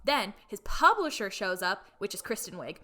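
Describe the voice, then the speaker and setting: A woman's voice: medium pitch, sing-song, moderate pace, sharp tone. A young woman co-hosting a podcast, retelling a film plot in a chatty way with lots of fillers and acted-out lines. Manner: chatty, filler-heavy, acts out characters' lines. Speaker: podcast co-host.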